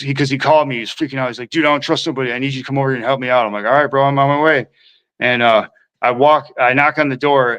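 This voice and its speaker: Sharp and clean in tone, the mid-range voice of this Minnesota man carries his recovery story as a podcast guest, though the recording is rough. He rambles, uses slang, and performs the quoted voices in casual storytelling fashion.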